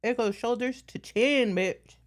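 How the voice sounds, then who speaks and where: A woman's voice: a little high, a little slow. A woman streamer talking bluntly and profanely in a casual reaction stream.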